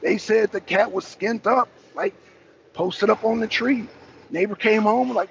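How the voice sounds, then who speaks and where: High-pitched gravelly guy ranting on his channel, swears a lot, repeats himself, muffled lo-fi audio. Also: unhurried, slight background noise. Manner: profane, repetitive, riled-up. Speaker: channel host. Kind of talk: ranting commentary monologue.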